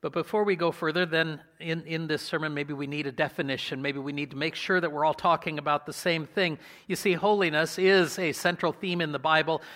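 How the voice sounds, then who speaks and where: A man preaching a sermon in a conversational way, asking his congregation questions and slowing down to stress key words. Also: on the high side, steady tone, a bit bright. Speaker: pastor.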